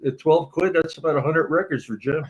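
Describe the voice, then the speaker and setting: A man's voice: on the high side, a little fast, slightly rough, highs cut off. A man chatting casually on a music panel, conversational and joking. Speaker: panel member.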